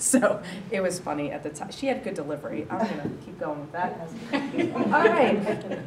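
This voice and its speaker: A woman giving a lively, joking presentation to an audience about a shared workspace. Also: mid-range voice, brisk. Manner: chatty, joking, animated, laughs often. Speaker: coworking space director pitching to an audience. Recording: roomy and distant with faint noise.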